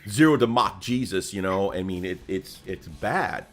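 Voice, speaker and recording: A man's voice: low-pitched, expressive, normal speed, soft background music. A man co-hosting a casual livestream chat, talking in a rambling way with many restarts and fillers. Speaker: co-host.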